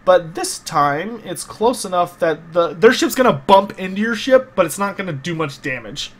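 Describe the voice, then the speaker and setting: A man's voice: high voice, expressive, moderate pace, fairly bright tone. A man narrating a tabletop game as game master, explaining the rules patiently with many small hesitations.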